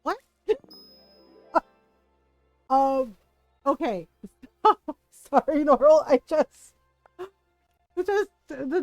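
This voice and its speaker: A woman's voice: sits high, a little mellow, no echo. A young woman streaming a game from home, chatting casually in a rambling way and laughing often. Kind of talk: casual gameplay chat.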